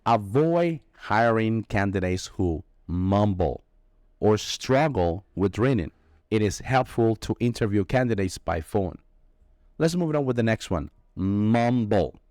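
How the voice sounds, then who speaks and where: Male English teacher, lowish voice, dry close sound, emphatic delivery. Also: lively intonation, darkish tone, no echo. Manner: slow, emphatic explaining with drawn-out key words. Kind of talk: vocabulary lesson.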